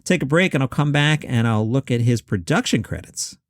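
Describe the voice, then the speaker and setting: A man's voice: mid-range voice, lively intonation, dry recording, clean studio sound. A man in his fifties hosting a solo podcast at home, chatting wryly through lists of movies. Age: 50s. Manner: chatty, wry asides and quick lists. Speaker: podcast host. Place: home room.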